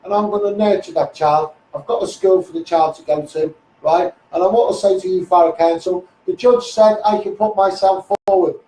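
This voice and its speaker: A man's voice: high-pitched, steady tone, normal speed, few pauses, dark tone, distant mic, slight background noise. Combative Liverpool man ranting, echoey. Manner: blunt, combative, swearing, addressing officials directly. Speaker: social media campaigner. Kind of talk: angry Facebook Live rant.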